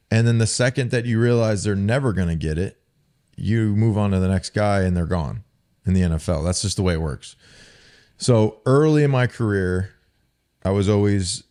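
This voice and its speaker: A man's voice: lowish voice, darkish tone. A man co-hosting a podcast, casually telling profane, sarcastic stories about his old coaches. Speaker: podcast co-host, former football player. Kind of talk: casual chat, storytelling.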